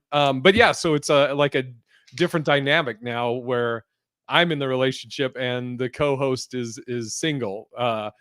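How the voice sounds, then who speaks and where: A man's voice: mid-range voice, unhurried, fairly bright tone, clean tone, no echo, studio quality. A man hosting a podcast in casual chat, joking, swearing freely, and rambling through fillers. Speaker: podcast host.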